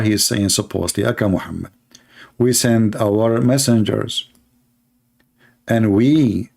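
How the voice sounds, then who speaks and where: Sarcastic male commentator, non-native English, mid-pitched voice that leaps up for mocking outbursts. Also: a little mellow. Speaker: online commentator. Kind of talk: screen-reading commentary.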